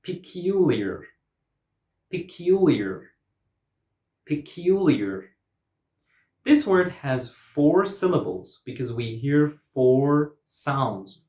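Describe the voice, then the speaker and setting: Male pronunciation teacher, slow and deliberate, lively pitch, echoey room. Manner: repeats words slowly, stressing syllables.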